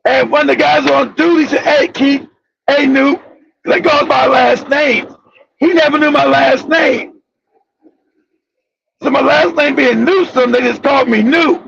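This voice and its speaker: A middle-aged man from the United States, a former Marine, telling a profane anecdote in an animated way and laughing often. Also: very high-pitched, normal speed, creaky. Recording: dull lo-fi sound.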